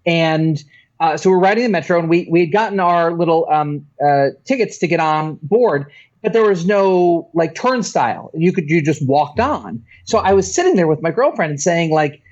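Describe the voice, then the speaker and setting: A man's voice: on the high side, animated, moderate pace. Hesitant male guest, lo-fi sound. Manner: hesitant storytelling with many fillers. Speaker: podcast guest. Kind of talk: casual chat.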